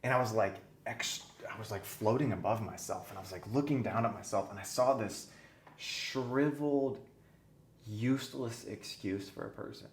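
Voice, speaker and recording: A man's voice: lowish voice, normal speed. A man guest on a podcast, telling his own story earnestly and intensely, his voice sometimes sinking to a near-whisper. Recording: echoey room with faint noise.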